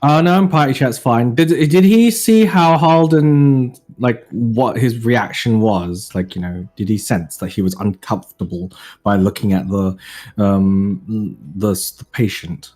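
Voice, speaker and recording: A man's voice: lowish voice, a little slow, a little mellow. A man playing a tabletop game, asking the game master questions and describing what his character does. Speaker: player.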